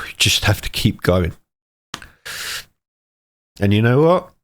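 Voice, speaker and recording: A man's voice: fairly low pitch, very animated, takes it slowly, fairly bright tone, a little hiss or hum. A middle-aged man gives an emotional personal testimony, speaking in short, punchy sentences and sighing often. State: tearful, emotional. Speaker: motivational speaker.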